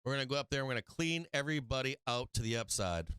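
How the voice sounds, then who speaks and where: A brash man walking viewers through market charts on a live stream, excitable and quick to swear. His voice is smooth and resonant, medium in pitch. The sound is dry and close to the mic. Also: no echo. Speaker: stock market show host.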